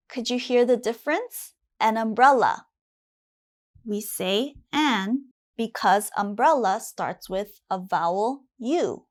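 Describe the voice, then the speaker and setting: A woman teaching basic English grammar, saying each word slowly and clearly and repeating it for learners. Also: a little high, animated. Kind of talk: slow, clear classroom lesson.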